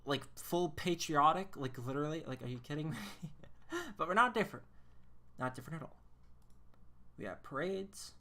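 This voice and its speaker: Low-voiced woman streamer, rambling. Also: pushed and bright. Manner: rambling, incredulous, laughs often. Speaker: game streamer. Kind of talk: casual live-stream chat.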